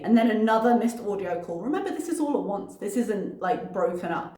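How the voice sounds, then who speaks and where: Sarcastic woman, lively reaction commentary. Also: medium pitch, fairly quick, few pauses. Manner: sarcastic, blunt, swearing. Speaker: reaction channel host. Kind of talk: commentary reacting to messages read aloud. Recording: echoey room.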